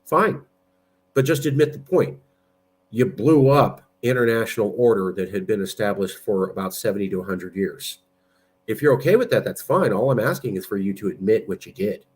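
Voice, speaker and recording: Low-voiced man, combative political talker, blunt and argumentative. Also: fairly quick, a little mellow. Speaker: political movement president. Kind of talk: political commentary with screen share.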